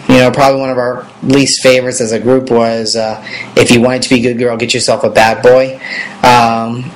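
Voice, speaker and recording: A man in his thirties, a pop singer, answering fan questions in a relaxed, rambling way, with many fillers. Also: medium pitch, normal speed, rough recording. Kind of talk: casual video Q&A.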